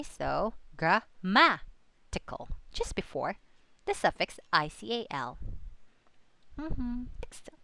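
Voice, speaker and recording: A woman gives a recorded lesson at an unhurried, patient pace, saying each example word twice. Her voice is bright and clear. Fillers and small self-corrections run through her speech, recorded close and dry. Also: lowish voice, no room sound. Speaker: student teacher presenting a lesson.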